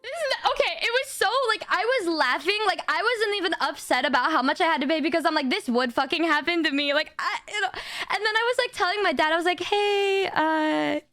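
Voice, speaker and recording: A young woman streamer telling a story to her chat in a casual, animated way, swearing and laughing as she goes. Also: extremely high pitch, a little fast, no echo.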